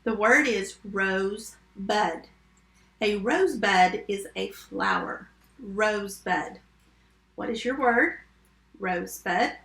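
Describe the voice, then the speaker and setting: A woman teaching a first grade phonics lesson remotely, sounding out words slowly and giving patient step-by-step instructions. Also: mid-range voice, fairly bright tone, reverberant.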